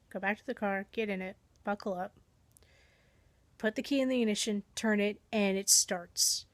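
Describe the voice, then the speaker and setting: A woman's voice: mid-range voice, a little fast, a bit bright, no echo. A woman vlogger casually telling a long everyday story, chatty and self-deprecating, acting out her own thoughts as she goes.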